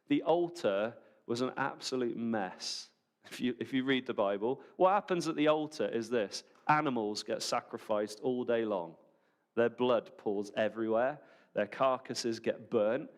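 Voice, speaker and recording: A man preaches a sermon at a church service, animated and conversational and full of rhetorical questions. His pitch is medium and his pace unhurried.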